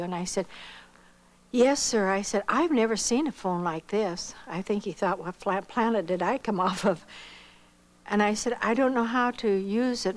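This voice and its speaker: Older woman slowly telling her story. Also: medium pitch, low-quality recording. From United States. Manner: slow, reflective storyteller acting out quoted voices. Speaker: missionary giving testimony. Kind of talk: personal storytelling testimony.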